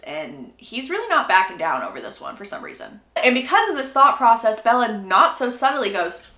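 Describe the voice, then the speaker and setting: A young woman recapping a book in an animated, sassy, gossipy storytelling style, in an indoor room. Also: sits high, moderate pace, few pauses. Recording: roomy echo.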